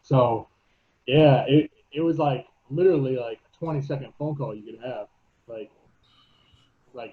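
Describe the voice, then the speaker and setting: A man co-hosting a casual podcast, talking in a relaxed, halting way with lots of "um" and "you know" and some swearing. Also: medium pitch. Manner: laid-back, halting, many fillers, swears casually. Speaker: podcast co-host, navy veteran. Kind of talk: casual chat. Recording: tinny phone-like line.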